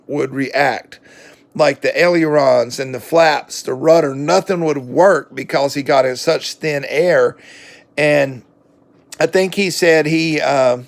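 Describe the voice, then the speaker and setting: A man with a Southern accent talks through a book review in a casual, folksy ramble, stopping for fillers and correcting himself as he goes. His voice sits a little high with a gravelly, fry-edged texture. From southern United States.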